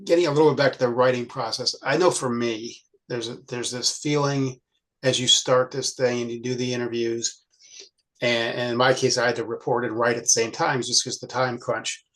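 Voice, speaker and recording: A man's voice: medium pitch, fairly even intonation, normal speed, a bit bright, rough recording. Man musing on his own writing. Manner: reflective, thinks aloud about his own writing. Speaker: podcast host and author. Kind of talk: casual chat.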